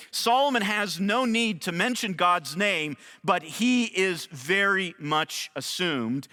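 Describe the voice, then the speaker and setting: A man teaching an expository Bible study in a deliberate, emphatic way, repeating key phrases. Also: high-pitched, pushed and bright. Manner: slow, deliberate, emphatic restatements. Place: large church auditorium. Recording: long church hall reverb.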